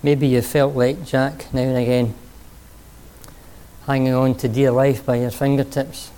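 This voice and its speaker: A man preaching a sermon, telling a story and then speaking earnestly, sometimes pausing to rephrase. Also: medium pitch, level tone, warm tone.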